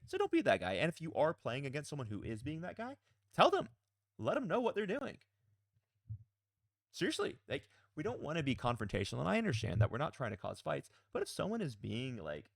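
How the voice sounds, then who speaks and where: Blunt, lively-voiced man giving game advice. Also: on the high side, a little fast, gravelly, no room sound. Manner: blunt, emphatic, mildly profane. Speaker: pro player and coach. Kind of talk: casual advice video.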